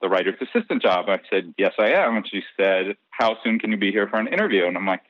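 This interview guest speaks fast in a fairly low voice, casually telling a personal anecdote full of quoted dialogue and bursts of laughter. The sound is dry, dull, and slightly lo-fi, without any room sound.

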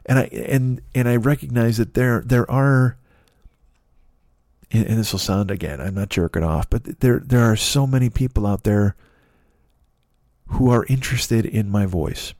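A man hosts a solo podcast in a casual, rambling monologue. He is self-critical and keeps restarting his sentences in a mid-pitched voice, recorded close and dry. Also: a little slow, a little mellow, dry recording. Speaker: podcast host.

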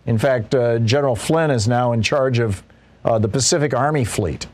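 A man with a medium-pitched, darkish voice speaks at a moderate pace while hosting a political talk show. Conversational in style, he frequently restarts and adds mocking asides that imitate quoted voices.

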